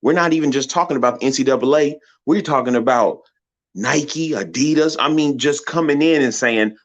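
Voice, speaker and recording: A man's voice: medium pitch, normal speed, lo-fi sound. A man hosting a sports channel, giving a passionate, preachy commentary full of rhetorical questions. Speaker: channel host.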